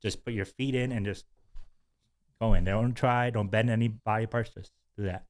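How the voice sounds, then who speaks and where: A man's voice: lowish voice, fairly even intonation, moderate pace, darkish tone. Giggly man telling a rambling story. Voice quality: giggly, rambling with many fillers. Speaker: podcast host. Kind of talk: casual storytelling chat.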